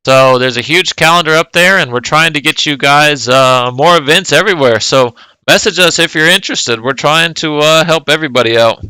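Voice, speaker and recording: Male commentator, casual play-by-play, bright and dry. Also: fairly high pitch, brisk, few pauses, clean tone, no echo, low-quality recording. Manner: casual, play-by-play calling of moves. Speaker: tournament commentator. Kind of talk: live game commentary.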